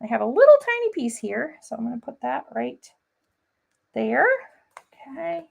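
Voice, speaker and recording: A woman's voice: fairly high pitch, sing-song, moderate pace, creaky, a little mellow, slightly rough. A woman hosting a live paper-crafting demonstration, chatting bubbly and giggly with viewers and greeting them by name. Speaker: crafting livestream host.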